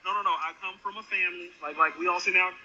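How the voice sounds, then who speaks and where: A man's voice: high voice, fast talker, over a noisy crowd. A man co-hosting a casual talk show over a remote call, talking emphatically and repeating himself for weight. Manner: emphatic, animated, repetitive. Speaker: podcast co-host on a remote call. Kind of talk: casual hip-hop discussion. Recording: dull echoing remote line with faint noise.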